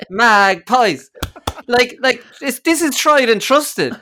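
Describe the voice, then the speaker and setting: Animated Irish man hosting a podcast. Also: extremely high pitch, takes it slowly, noisy background. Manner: animated, incredulous, laughing storyteller. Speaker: podcast host. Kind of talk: casual sports podcast banter.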